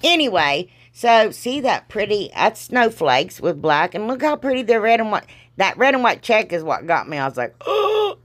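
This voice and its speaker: A woman's voice: mid-range voice, very animated, moderate pace. A middle-aged woman with a Southern drawl talks through a crafting tutorial in a loose, rambling, casual way. Her voice sounds a little congested from allergies, and she scatters folksy exclamations and self-deprecating jokes as she goes. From Ohio, US. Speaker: crafting vlogger.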